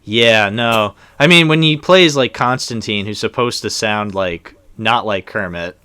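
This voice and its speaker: Co-hosting a laid-back movie commentary, this young man speaks unhurriedly in a lowish, smooth voice with a sharp edge. His talk is loose and meandering, packed with fillers and trailing sentences, and the audio has no echo.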